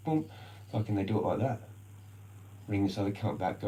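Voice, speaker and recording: A man's voice: lowish voice, lively intonation, a little fast, pauses often, mellow, muffled recording. An Australian man ranting casually on a live stream, rambling and swearing constantly in slang.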